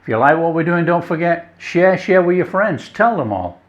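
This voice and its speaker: A man's voice: a little high, lively intonation, normal speed, dull audio. An Englishman hosting a cooking channel, tasting his food with enthusiastic chuckles and savoring sounds. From England. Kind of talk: casual cooking vlog with tasting.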